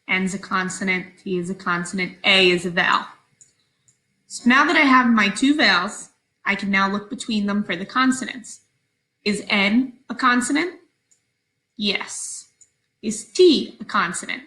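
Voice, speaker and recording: A woman teacher giving a recorded phonics lesson to her class, speaking slowly, clearly and patiently. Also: medium pitch, bright, forceful tone, reverberant, low-quality recording.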